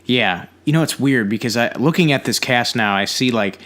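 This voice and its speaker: A laid-back man co-hosting a casual podcast, going along with his partner and adding his own takes. His voice sits at an ordinary middle pitch, and he lets a casual swear slip now and then. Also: moderate pace, fairly bright tone. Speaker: podcast co-host. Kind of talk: casual chat.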